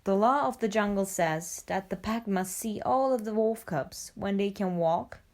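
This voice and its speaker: A woman narrating a storybook for language learners, reading clearly and deliberately. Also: mid-range voice, darkish tone. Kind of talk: graded-reader storybook narration.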